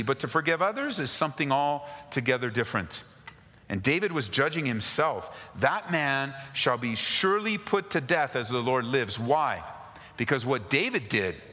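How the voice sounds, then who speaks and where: A man preaching a sermon, reading scripture aloud and speaking directly to the congregation, moving from raised, urgent pleas to low, quiet asides. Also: husky. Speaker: pastor. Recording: long hall reverb.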